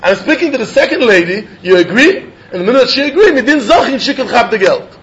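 A man teaching a Talmud lesson, reasoning aloud in an animated way, often chuckling and repeating words. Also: very high-pitched, fairly quick. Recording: dull lo-fi recording.

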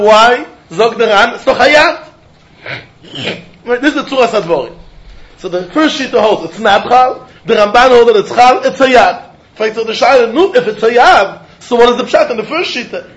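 High-voiced man teaching Talmud. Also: normal speed. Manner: mixes English with Yiddish and Hebrew terms, animated sing-song reasoning. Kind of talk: Talmud study lecture. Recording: dull lo-fi recording.

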